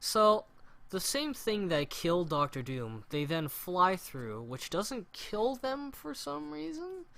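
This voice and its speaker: A man's voice: high voice, big pitch swings, slow pace, creaky, bright, forceful tone, no echo. A man co-hosting a casual movie review chat, recapping the plot with sarcastic, rambling asides. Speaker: podcast co-host.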